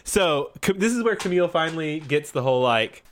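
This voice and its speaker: A man co-hosting a podcast, chatting about an anime in an animated way, swearing freely and laughing often. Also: on the high side, a little fast. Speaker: podcast co-host. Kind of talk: casual recap chat about an anime.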